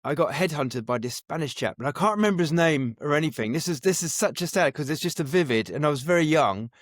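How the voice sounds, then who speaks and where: A man's voice: fairly high pitch, no echo, clean studio sound. A middle-aged man, a DJ guest, telling stories in a reflective way with many restarts. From England. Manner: reflective, restarts phrases often. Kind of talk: casual interview storytelling.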